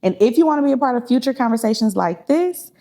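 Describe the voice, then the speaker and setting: A woman's voice: fairly high pitch, lively intonation, fast, dark tone. Laughing podcast host, casual woman. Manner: encouraging, laughs often, wraps up with a sign-off. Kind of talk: casual conversation.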